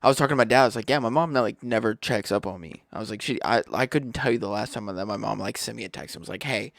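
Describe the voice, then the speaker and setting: A man's voice: lowish voice, quick pace, gravelly, a bit bright, dry recording, studio quality. A young man co-hosting a podcast in casual chat, swearing often and breaking into laughter. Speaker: podcast co-host.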